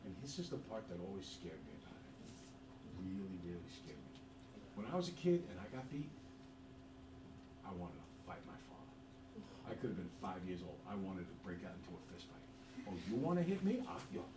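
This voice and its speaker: A middle-aged man teaching a math class, a joking and animated storyteller, recorded in a classroom from a camera at a distance. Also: low voice, fairly quick, pauses often. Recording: echoey room from far off, background noise.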